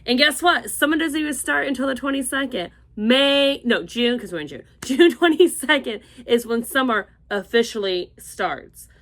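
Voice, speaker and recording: A woman's voice: high-pitched, normal speed, hardly any pauses. Give me a young woman from Florida chatting animatedly while doing her makeup. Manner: animated, rambling, exclamatory, drops to murmurs while applying. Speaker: beauty vlogger. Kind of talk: casual chatty makeup tutorial.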